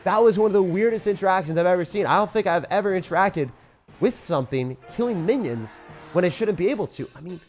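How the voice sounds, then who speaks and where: A young man talks through his match as it happens, his voice leaping between loud excited bursts and quiet muttered asides. He jokes at his opponent and keeps up a running play-by-play, with faint music playing underneath. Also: fast talker. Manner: excitable, jokey, swings from loud hype to low mutters. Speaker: gaming commentator. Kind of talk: live gameplay commentary.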